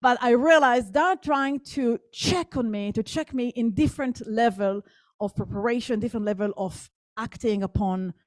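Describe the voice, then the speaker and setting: Higher-voiced woman telling a story. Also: normal speed, no room sound. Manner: engaged, asks the audience questions. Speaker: guest speaker. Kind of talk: storytelling talk to an audience.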